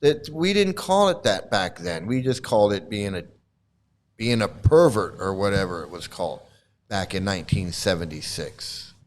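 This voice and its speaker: A man's voice: on the low side, lively intonation, normal speed, slight background noise. An older man giving casual, blunt commentary, rambling with frequent restarts and swearing freely.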